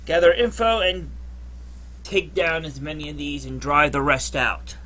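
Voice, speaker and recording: A man's voice: a little high, unhurried, bright, forceful tone, rough recording. A man acting as game master for a tabletop game, hesitant, with many restarts.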